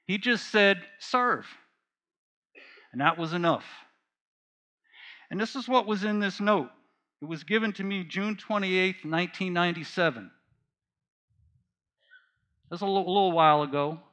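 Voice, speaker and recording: A man's voice: high-pitched, a little slow, pauses often, sharp tone. A man preaching a sermon, telling a personal story with earnest feeling and repeating phrases for emphasis. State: choked up while reading.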